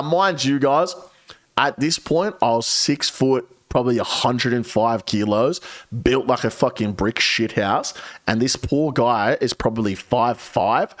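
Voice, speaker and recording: Young male streamer, casual storyteller, lively and animated, swears freely. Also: mid-range voice. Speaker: game streamer. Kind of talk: casual storytelling while gaming.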